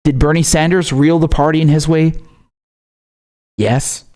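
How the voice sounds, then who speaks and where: A man's voice: on the high side, steady tone, measured pace, darkish tone. A man from Syria hosting his own political commentary show, ranting with heavy profanity and stumbling over repeated words as he gets worked up. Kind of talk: heated political commentary rant.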